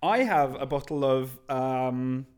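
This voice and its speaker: Man in his twenties to thirties, relaxed podcast co-host, easy laughs. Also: medium pitch, takes it slowly, heavy background noise. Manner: chatty, laughs often, trails off and restarts. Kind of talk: casual podcast chat.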